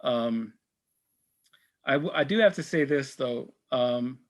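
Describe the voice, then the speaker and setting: A middle-aged sportswriter talking casually to a church supper group, telling anecdotes with many fillers and restarts. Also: male voice, medium pitch, animated, slow pace. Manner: rambling, full of fillers and restarts; tells anecdotes, acts out quoted exchanges. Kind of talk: casual talk and Q&A.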